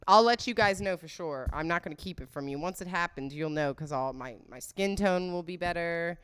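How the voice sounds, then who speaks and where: A woman's voice: lowish voice, brisk, a bit bright, smooth. A young woman chatting casually to her viewers, blunt and crude, swearing a lot and joking about herself. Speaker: solo vlogger. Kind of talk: casual monologue.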